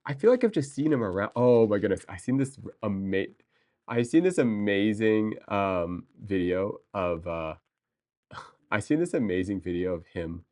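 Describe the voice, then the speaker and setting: A man on a livestream, talking casually to his viewers and answering their chat. He rambles excitably, restarting his sentences as he goes. His voice sits a little low for a man. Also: normal speed.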